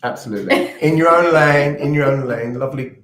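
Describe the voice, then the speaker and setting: A man's voice: fairly high pitch, fairly quick, fairly bright tone, slight background noise. A man co-hosting a casual spiritual livestream chat, affectionately greeting viewers as darling. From England. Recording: echoey room.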